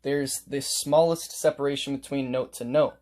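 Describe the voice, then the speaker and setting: A man's voice: medium pitch, steady tone, normal speed, a little mellow. A man teaching a casual music lesson, explaining note markings step by step and playing examples on his instrument.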